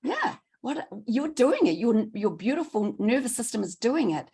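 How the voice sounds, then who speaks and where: A middle-aged woman giving a training talk, enthusiastic and quick, repeating words for emphasis. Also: a little high, very animated, dark tone, slightly rough. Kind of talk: presentation talk.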